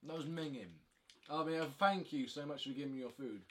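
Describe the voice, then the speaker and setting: A man's voice: on the high side, a little fast, fairly bright tone, slight background noise. A young man, rambling and cracking crude jokes in a casual chat with friends.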